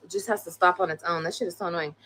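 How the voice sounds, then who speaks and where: A woman's voice: fairly low pitch, fairly even intonation, racing, a bit bright. A young woman on a casual live stream, blunt and profane, scolding her children between complaints about critics. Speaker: livestreamer.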